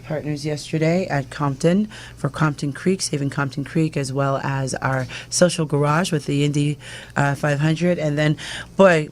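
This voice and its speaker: A woman hosting a casual talk show, enthusiastic and quick to laugh with her guests. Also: deep voice, slight background noise. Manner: warm, enthusiastic, laughs often. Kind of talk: casual chat.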